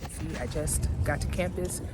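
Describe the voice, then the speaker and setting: A doctoral student in her twenties vlogs to her phone camera while walking outdoors on campus, chatty, upbeat, and out of breath from the walk. Her voice is low-pitched and steady, at a moderate pace. The background is noisy.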